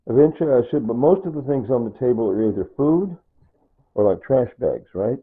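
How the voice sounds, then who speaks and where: A man's voice: medium pitch, animated, fairly quick, breathy edge. An older man giving a casual, rambling tour of his small home, pointing things out and checking in with "see" and "right?". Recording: tinny phone-like audio.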